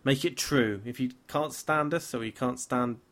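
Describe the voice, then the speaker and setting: A man's voice: mid-range voice, normal speed, fairly bright tone. A tired, slightly tipsy man hosting a casual podcast, talking in a weary, grumbling, self-mocking way. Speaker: podcast host.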